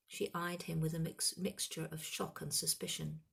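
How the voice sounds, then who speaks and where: Low-voiced woman reading a storybook. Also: flat delivery, normal speed, vocal fry. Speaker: audiobook reader. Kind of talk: storybook narration.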